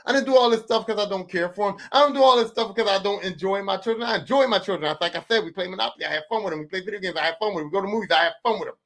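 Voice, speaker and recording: A man's voice: sits high, very fast, hardly any pauses, a bit bright. A man, hosting a podcast with a profane, comedic rant that repeats lines for emphasis. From West Philadelphia. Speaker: podcast host.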